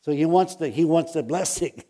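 A man preaching a sermon. He reads scripture aloud and breaks off into casual, animated asides, with loud emphatic bursts. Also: a little high, moderate pace.

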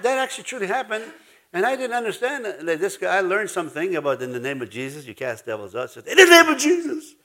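A man's voice: fairly high pitch, a bit bright. Rambling storytelling male preacher. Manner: rambling storytelling with restarts and laughs. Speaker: pastor. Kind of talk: sermon.

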